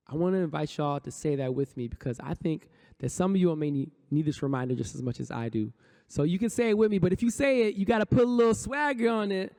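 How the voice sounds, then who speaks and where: A high-pitched man speaks from a conference stage, a poet and rapper. He gives a motivational talk in rhythmic bursts. He leads the audience through repeated affirmations in call-and-response. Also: animated, fast talker, a little mellow.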